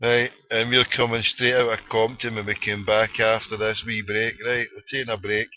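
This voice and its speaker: A man's voice: on the low side, level tone, moderate pace, heavy background noise. A Scottish man hosting a late-night internet radio show, ranting and joking in slangy banter. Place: small cold room at home. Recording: dull lo-fi online radio stream.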